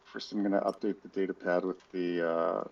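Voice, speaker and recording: Gravelly low-voiced male player. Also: flat delivery, brisk, a little mellow, muffled recording. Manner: hesitant, many fillers. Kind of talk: casual tabletop game play over voice chat.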